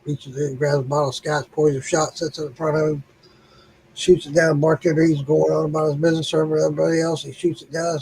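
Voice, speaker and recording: A man's voice: a little high, flat delivery, quick pace, creaky, a little mellow, slight background noise, low-quality recording. A man co-hosting a casual livestream chat, joking and teasing and laughing often.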